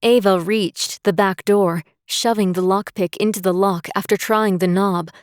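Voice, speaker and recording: A woman narrating a romantic suspense audiobook in a steady, measured way. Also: medium pitch, dry recording, studio quality. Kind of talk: scripted narration.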